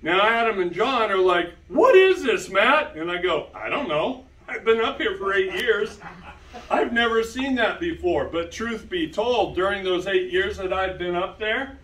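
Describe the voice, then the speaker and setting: A man giving an animated storytelling talk to an audience, emphatic and repeating key words. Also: high-pitched, moderate pace, echoey room, recorded from a distance, rough recording. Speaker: speaker presenting to an audience.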